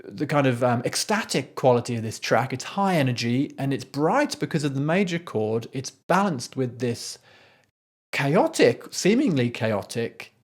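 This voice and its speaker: A man's voice: medium pitch, sing-song, unhurried. Thoughtful man explaining music. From Scotland. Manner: thoughtful, with frequent restarts and sung rhythms. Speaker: composer and music commentator. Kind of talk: casual analytical commentary.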